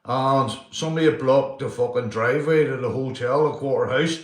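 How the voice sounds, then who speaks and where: A middle-aged man with a Northern Irish accent rambles through true stories and shout-outs on a live stream from his home. He swears freely, breaks into laughter as he tells his tales and calls everyone "mate". His voice sits at an ordinary pitch and carries a roomy echo. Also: fairly quick.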